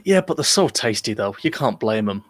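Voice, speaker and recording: A British man co-hosts a live online podcast, chatting casually, joking along and rambling with many fillers and restarts. His fairly low voice has a sing-song lilt and a fairly quick pace, with no room sound.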